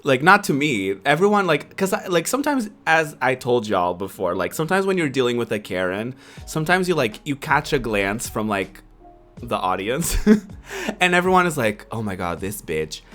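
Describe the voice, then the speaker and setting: A man in his twenties, a streamer, telling a story in casual chat, animated and full of fillers, laughing often. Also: medium pitch, normal speed, faint music behind. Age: 20s.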